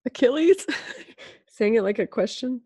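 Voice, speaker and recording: A woman in her thirties, a mother, co-hosting a podcast in casual chat, self-doubting and quick to laugh. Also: medium pitch, vocal fry, darkish tone, a little hiss or hum. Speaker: podcast co-host.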